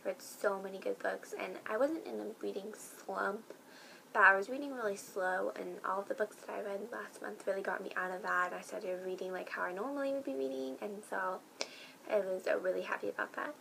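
A young woman excitedly chatting in a casual vlog, gushing about things she loves with lots of fillers. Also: mid-range voice, brisk, creaky, slight background noise, low-quality recording. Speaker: book vlogger.

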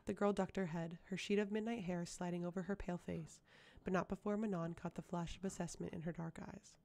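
A woman reading a fantasy audiobook aloud with a low, dark voice and plenty of gravelly fry. Her narration is measured and even. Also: a little hiss or hum. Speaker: audiobook reader.

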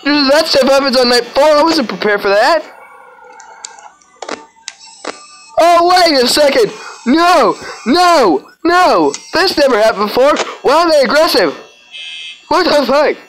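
A woman's voice: sits high, expressive, a little slow, a little hiss or hum, poor audio. A woman giving rambling, profane horror game commentary in a put-on voice. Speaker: gaming commentator.

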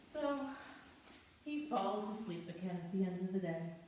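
A woman leading a children's story-based yoga class at home, telling the tale gently and calling out poses. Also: fairly low pitch, steady tone, a little hiss or hum. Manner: slow, gentle, storytelling with cues and sound effects. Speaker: kids yoga teacher. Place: room at home with a dog. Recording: echoey room from far off.

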